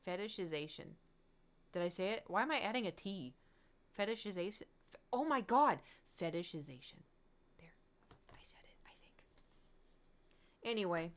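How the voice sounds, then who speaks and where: Smooth-voiced woman streamer chatting candidly. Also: medium pitch. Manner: rambling, candid, swears freely, laughs often. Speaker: livestreamer. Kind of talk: casual chat.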